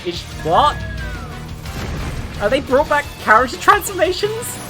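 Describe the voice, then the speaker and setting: A woman's voice: sits high, big pitch swings, unhurried, over music. A woman streaming live, reacting casually with swearing, laughter, and sarcastic remarks.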